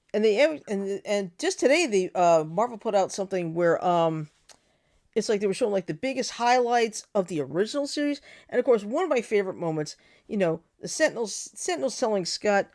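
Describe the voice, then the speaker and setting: Lively chatty woman co-host. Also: mid-range voice, normal speed. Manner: animated, laughs often, quotes cartoon lines. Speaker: podcast co-host. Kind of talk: casual chat.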